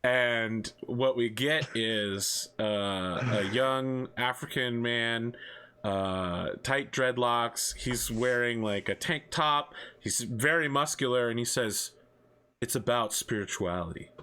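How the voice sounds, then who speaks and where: Brief: male game master, bright clear tone, laid-back explainer. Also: medium pitch. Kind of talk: running a tabletop game.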